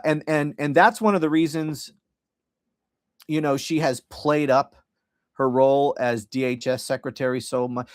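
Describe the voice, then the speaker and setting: A man's voice: a little high, no echo, clean studio sound. Blunt, profane man ranting on livestream. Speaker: political podcast host. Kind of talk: livestream political commentary.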